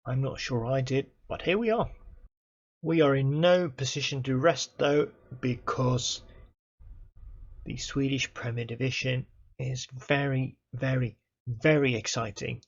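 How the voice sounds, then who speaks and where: Excitable man commentating a football game. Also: medium pitch, a little slow, muffled recording. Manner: excitable play-by-play, talks to his players. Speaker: gaming YouTuber.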